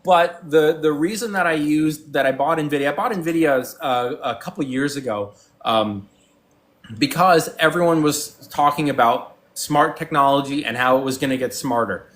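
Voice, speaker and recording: Speaking at normal speed in a slightly high, fairly bright voice, a man in his forties chats as a guest. He rambles through stories with many fillers and restarts, voicing each side of conversations from the past.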